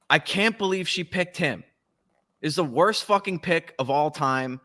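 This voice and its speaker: A man's voice: on the high side, measured pace, pushed and bright. Profane, mocking man podcast host. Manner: profane, mocking, laughing often. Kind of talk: casual chat.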